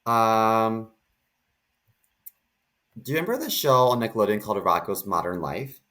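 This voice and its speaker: Lively bright-voiced joking man. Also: on the low side, normal speed. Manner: joking, crude wisecracks. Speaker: podcast co-host. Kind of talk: casual podcast chat.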